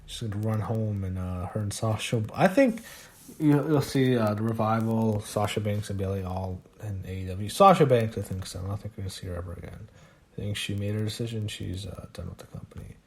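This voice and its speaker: A man talks through a wrestling show in a loose, unscripted recap, his voice sitting on the low side. He is blunt and profane, waving off segments he finds boring, and his sentences stall on fillers and restarts. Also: brisk. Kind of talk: casual recap monologue.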